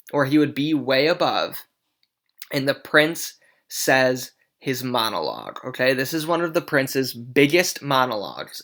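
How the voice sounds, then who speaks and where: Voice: medium pitch, a bit bright. A young adult teacher explaining a play in casual talk, often checking in with the class. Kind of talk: classroom lesson.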